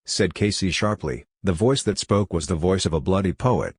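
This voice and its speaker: A man's voice: low voice, expressive, moderate pace, breathy edge, no echo, clean studio sound. A man reading a comic novel aloud, telling the story evenly and giving the characters brief voices. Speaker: audiobook reader.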